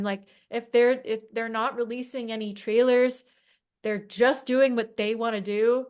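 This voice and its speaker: A woman's voice: medium pitch, smooth. Emphatic woman in casual chat. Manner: emphatic, filler-heavy, swears. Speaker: guest.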